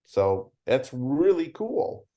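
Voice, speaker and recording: A middle-aged convention founder tells stories in a casual interview, animatedly acting out the dialogue within them. He speaks slowly in a medium-pitched voice.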